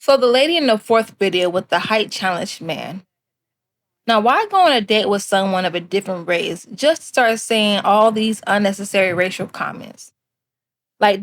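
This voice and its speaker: A woman hosts a scripted commentary segment, talking straight to her audience. Her voice is slightly high, and her delivery is sassy and pointed. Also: moderate pace. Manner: sassy, addresses viewers as cousins. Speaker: host.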